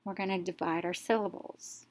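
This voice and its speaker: A woman teacher narrating a reading lesson, explaining each step slowly and clearly in an instructional voice-over. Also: fairly low pitch, fairly even intonation, a little hiss or hum.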